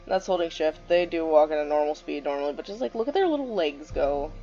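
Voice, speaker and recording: A woman's voice: sits low, animated, quick pace, mellow. A young woman giving offhand, casual commentary while playing a video game and reading its text aloud. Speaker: let's play gamer. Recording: slightly muffled with faint game music.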